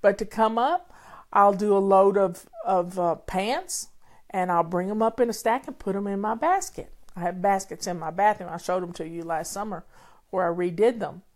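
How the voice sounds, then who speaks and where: An older woman with a medium-pitched voice and moderate pace chats casually with viewers as a home-organizing host. Her folksy, chatty talk runs over faint background music.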